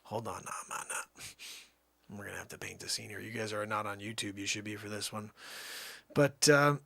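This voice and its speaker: A man's voice: lowish voice, moderate pace, gravelly, long pauses, breathy edge, no echo. A man hosting his own live music stream, chatting emphatically and defensively to his viewers. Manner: animated, emphatic, defensive, talks to chat. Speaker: livestream music show host. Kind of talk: rambling live-stream chat.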